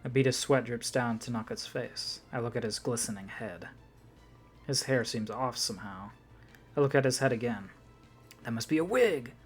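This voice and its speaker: A man's voice: mid-range voice, normal speed, faint music behind. A man playing through a visual novel, reading its lines aloud with casual, swearing commentary. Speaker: let's player.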